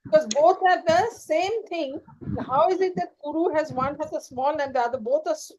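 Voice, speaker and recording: A woman's voice: high voice, moderate pace, a little mellow, lo-fi sound. A woman, a student on a video call, pressing her teacher with persistent questions.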